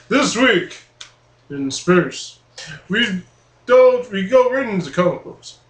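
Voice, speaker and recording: A man's voice: high-pitched, animated, extremely slow. A man joking around on a comedic podcast, goofy and provocative as he keeps derailing the topic. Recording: roomy echoey room.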